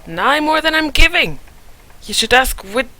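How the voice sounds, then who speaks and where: Woman putting on a fierce spirit woman, put-on accent, loud, high, bright, mocking, brash, game figure. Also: very animated, unhurried, heavily acted. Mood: gloating. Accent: put-on regional accent. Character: fierce brash awakened woman soul inside an elf.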